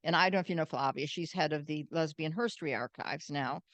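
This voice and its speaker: An older American woman, a guest, telling animated stories and acting out the voices in them. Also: low voice, fast, no echo. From United States. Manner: animated, acts out quoted voices. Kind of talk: storytelling interview.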